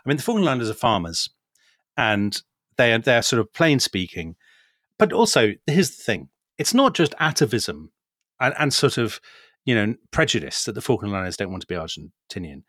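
A man telling a history story in a casual podcast conversation, animated and often laughing as he talks. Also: medium pitch, fairly quick, no room sound, clean studio sound. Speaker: guest storyteller explaining history.

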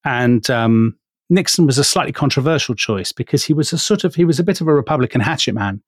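A man co-hosting a history podcast, telling the story at an easy, deliberate pace. His voice sits at a middle pitch. The recording is dry and close. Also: lively intonation, dry recording. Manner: chatty storytelling, measured and deliberate. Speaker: podcast co-host. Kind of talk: casual history podcast chat.

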